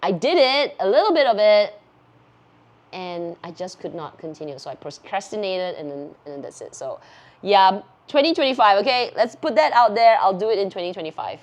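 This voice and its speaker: A woman, a YouTube host chatting casually through viewer questions in a bubbly, giggly, excitable way. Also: mid-range voice, brisk. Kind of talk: casual Q&A chat.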